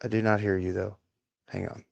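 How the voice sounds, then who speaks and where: A man's voice: on the low side, little pitch movement, a little fast, creaky, darkish tone, dull audio. A young man hosting a livestream, chatting in a rambling, offhand way full of casual swearing. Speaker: livestream host.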